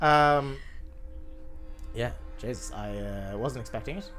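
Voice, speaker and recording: A man playing a tabletop game, speaking in a dry, laughing way that often drops low and quiet. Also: a little slow, soft background music. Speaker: player.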